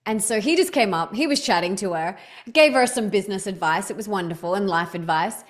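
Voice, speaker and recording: A woman's voice: mid-range voice, animated. A woman in her thirties, a podcast guest telling stories in casual chat, with many restarts and fillers. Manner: chatty storytelling, quick restarts, lots of "like".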